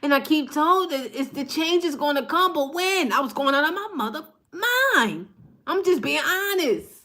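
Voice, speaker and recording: A woman's voice: high voice, expressive, normal speed, pushed and bright. A woman giving a passionate, fired-up spiritual card reading on her phone from her table at home, repeating lines for emphasis. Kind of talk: live-streamed motivational reading.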